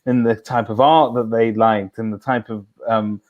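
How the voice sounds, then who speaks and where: Male guest, thoughtful and halting, mid pitch, muffled audio. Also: steady tone. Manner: halting, reflective, many restarts. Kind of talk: casual chat.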